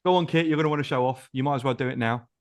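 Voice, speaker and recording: A man's voice: medium pitch, very fast. A man, a band vocalist, answering in a laid-back, dry joking way. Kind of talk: casual interview chat.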